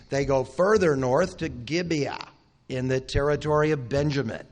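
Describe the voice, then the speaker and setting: A man's voice: a little high, moderate pace. Man telling a Bible story from the pulpit. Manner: conversational storyteller who acts out the characters' lines; asks the audience questions and adds wry asides. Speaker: Bible conference speaker. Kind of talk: teaching sermon, Bible storytelling.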